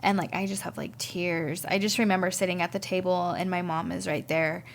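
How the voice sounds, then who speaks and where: A woman guest sharing a personal testimony on a podcast, talking haltingly and repeating words as she recalls events. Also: lowish voice, flat delivery, gravelly, a little hiss or hum.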